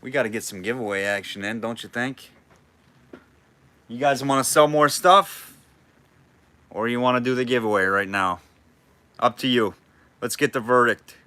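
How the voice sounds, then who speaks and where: Male auctioneer for a live online sale, chatty and jokey, bright forward voice, calls bids in between banter. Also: medium pitch, normal speed, long pauses, dry recording. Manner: chatty, jokey, reads out bids and names viewers.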